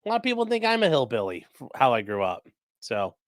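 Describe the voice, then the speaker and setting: A man hosting a livestream, commenting in a casual, jokey way, talking to chat and breaking into mock voices and sudden yells. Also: medium pitch, wildly swooping pitch, fast talker, no room sound, clean studio sound. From grew up in a rural area. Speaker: livestream host reacting to a trial.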